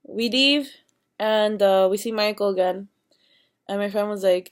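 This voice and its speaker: A woman's voice: medium pitch, unhurried, clear, resonant tone. Young woman in her twenties rambling thru a story, swears a lot, acts out the quotes. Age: young adult. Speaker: vlogger. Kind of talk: casual storytime.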